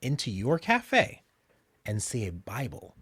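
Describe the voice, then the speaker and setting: A man's voice: mid-range voice, huge pitch swings, slow pace, fairly bright tone, slightly rough, dry recording. A man hosting a podcast interview, asking searching questions and often restarting mid-sentence. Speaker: podcast host. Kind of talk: conversational interview.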